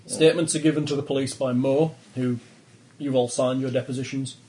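A man's voice: mid-range voice, fairly even intonation, a little fast, warm tone, a little hiss or hum, poor audio. Man narrating as game master. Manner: descriptive narration with easy laughter. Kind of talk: narrating a tabletop horror game.

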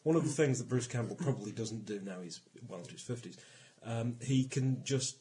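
A man's voice: medium pitch, brisk, dark tone. A man playing a tabletop game, chatting casually with a dry, wry manner. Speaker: player.

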